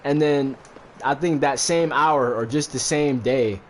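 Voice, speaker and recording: Brief: laid-back male streamer, mid pitch, rambling slangy recap, faint hiss behind. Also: a little slow. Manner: rambling, heavy fillers, profane. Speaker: streamer recapping a movie while gaming. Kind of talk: casual slangy retelling with acted quotes.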